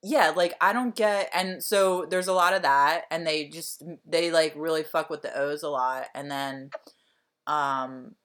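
A woman from Delaware County, Pennsylvania co-hosts a podcast, chatting casually and rambling with plenty of fillers and swearing. Her voice is deep and her pace measured.

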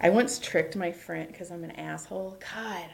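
Laughing, animated woman storyteller. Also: lowish voice, normal speed, gravelly. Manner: laughs often while telling stories; animated storyteller acting out quotes. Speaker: podcast host. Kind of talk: casual chat. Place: basement room.

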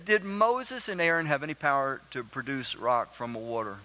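A man's voice: medium pitch, a little fast, pushed and bright, rough recording. A man preaching a sermon, reading scripture aloud and earnestly quizzing his congregation. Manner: asks the congregation questions; emphatic and earnest.

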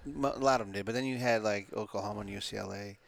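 A man's voice: lowish voice, racing, creaky, no room sound. A man co-hosting a casual sports podcast who teases and cuts in often. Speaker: co-host.

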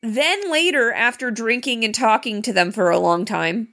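A woman co-hosting a casual film discussion, recapping scenes in an animated way. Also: on the high side, normal speed. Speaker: podcast co-host.

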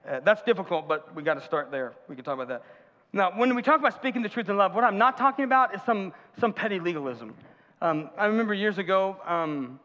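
A man's voice: sits high, lively intonation, fast talker, fairly bright tone. A man preaching a conversational sermon as pastor, with humorous asides and audience questions. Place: church sanctuary. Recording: muffled church hall reverb.

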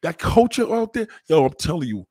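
A young man chatting casually with viewers on a livestream, rambling in profane street talk and giving shout-outs. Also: a little high, sing-song, brisk, no echo. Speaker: livestream host.

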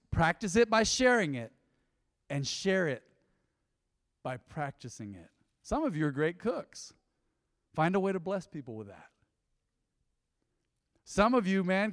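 A man preaching a sermon, telling stories and asking his congregation questions in an animated way. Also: high voice, studio quality. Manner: animated storytelling, lively asides to congregation. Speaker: pastor. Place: church sanctuary. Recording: long reverb in a hall.

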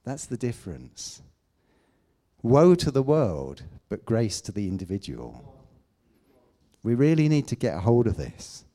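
A man preaching a sermon, emphatic, with loud declamations and quiet asides. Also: medium pitch, sing-song, a little slow.

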